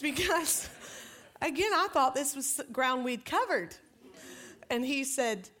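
A woman pastor giving a conversational sermon, lively and joking as she tells stories on herself. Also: high-pitched, moderate pace. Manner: lively, joking, self-deprecating storytelling.

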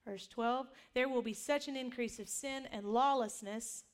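A woman's voice: on the high side, unhurried. Woman pastor preaching in a chatty tone. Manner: conversational storytelling with humor and acted quotes. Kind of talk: sermon.

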